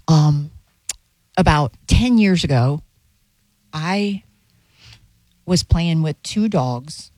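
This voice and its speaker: Radio co-host, woman, low voice, dry studio sound, animated storyteller. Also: dry recording. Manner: animated storyteller acting out dialogue. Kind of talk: casual chat, storytelling.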